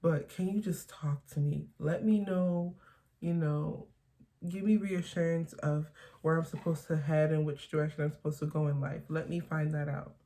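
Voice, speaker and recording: Candid young woman with a gravelly, dark voice. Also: low voice, fairly even intonation. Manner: candid, confessional, halting. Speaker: vlogger. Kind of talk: emotional personal vlog.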